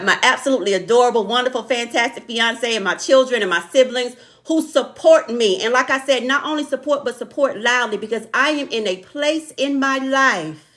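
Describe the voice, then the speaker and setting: Bright-voiced woman preaching to her viewers. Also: fairly high pitch. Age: middle-aged. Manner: warm, preacher-like, repeats lines for emphasis, calls out viewers by name. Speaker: host of a live online talk show. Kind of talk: live motivational talk to viewers.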